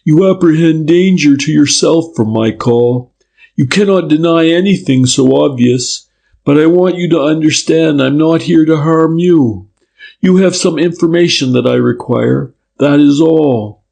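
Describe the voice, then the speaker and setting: A man's voice: a little high, gravelly, warm tone, pitched above the performer's own voice. Man putting on a courteous detective inspector. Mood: polite pressing. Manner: polite, pressing, measured. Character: courteous firm middle-aged male detective inspector.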